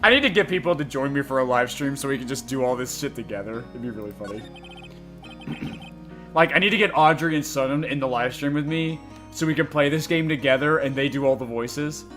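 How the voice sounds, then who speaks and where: A man's voice: medium pitch, a little fast, fairly bright tone, faint music behind. A man hosting a let's-play, giving giggly, crude, rambling casual commentary.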